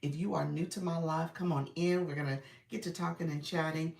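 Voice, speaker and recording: Woman, livestream coach, raspy from a cold, gravelly, encouraging, roomy echo. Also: deep voice, fairly even intonation, a little fast, darkish tone, recorded from a distance. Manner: greets viewers by name, upbeat and encouraging. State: slightly raspy, under the weather. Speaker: business coach hosting a livestream. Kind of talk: casual livestream chat.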